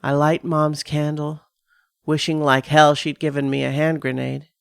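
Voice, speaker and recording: A woman giving a measured, dramatic first-person reading of a scripted horror story on a close studio mic. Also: low-pitched, little pitch movement, vocal fry, smooth, no echo. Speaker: narrator.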